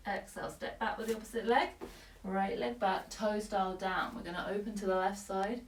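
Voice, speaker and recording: A woman's voice: mid-range voice, fairly quick. Woman leading yoga from across a room. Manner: calm breath-paced cueing with short commands. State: slightly out of breath. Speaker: yoga teacher. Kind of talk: guided yoga class instruction. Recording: echoey room, voice from a distance.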